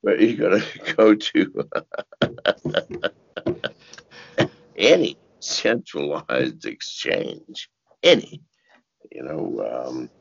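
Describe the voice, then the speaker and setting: An older man giving an interview, cursing freely and telling stories in an animated way, his voice jumping into sudden high shouts and laughs. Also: very slow, vocal fry, pauses often, husky, highs cut off. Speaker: interview guest. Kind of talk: casual interview talk.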